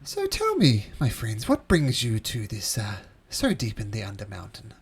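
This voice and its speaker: A man's voice: fairly low pitch, huge pitch swings, moderate pace, vocal fry, breathy edge, full character voice. A man voicing a sly unseen creature that coaxes visitors inside with a wheedling manner. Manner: wheedling, coaxing.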